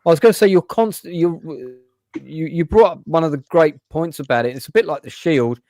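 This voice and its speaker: A man's voice: fairly high pitch, normal speed, darkish tone, no echo, studio quality. A British man hosting a casual online chat show, rambling and hesitant with plenty of fillers. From Britain. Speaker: host.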